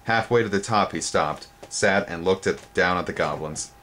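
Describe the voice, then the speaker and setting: Deep-voiced man reading a storybook dramatically. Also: a little hiss or hum. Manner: theatrical, sudden pitch jumps on exciting words; pauses to show the book's pictures. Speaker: storybook reader.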